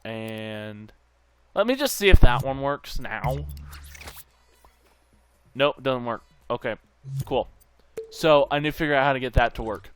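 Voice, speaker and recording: A man's voice: mid-range voice, expressive, a little slow, pauses often, soft background music. A man hosting a gameplay channel, muttering to himself as he tinkers, with bursts of goofy sing-song nonsense. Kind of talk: casual gameplay commentary.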